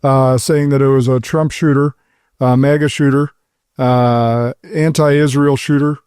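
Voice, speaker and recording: Host, male, middle-aged, earnest and measured, warm dark tone, dry close sound. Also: mid-range voice, steady tone, smooth, dry recording. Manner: earnest, measured, speaks as a father. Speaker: podcast host. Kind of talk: roundtable discussion.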